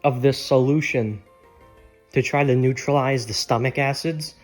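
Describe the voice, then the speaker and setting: A man's voice: medium pitch, steady tone, moderate pace, faint music behind. A man rambling candidly in a casual vlog, swearing often, his voice strained. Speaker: channel creator.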